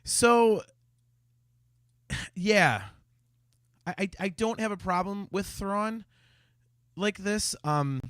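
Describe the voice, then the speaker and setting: A man's voice: high voice, drawn-out words, pauses often, fairly bright tone, smooth, no echo, clean studio sound. A man co-hosting a casual fan podcast, often restarting his sentences and reading out viewer comments. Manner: hesitant, stammering restarts, reads viewer comments. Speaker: podcast co-host. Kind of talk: casual chat.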